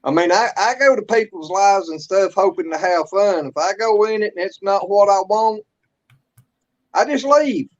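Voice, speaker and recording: Halting man on a muffled line. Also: high-pitched. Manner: halting, repeats words and fills with "you know". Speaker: co-host. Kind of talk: casual live-stream chat.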